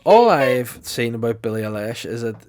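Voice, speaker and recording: Blunt, sweary man with lively pitch. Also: moderate pace, noisy background. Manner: blunt, sweary, laughs often. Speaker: podcast co-host. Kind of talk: casual banter.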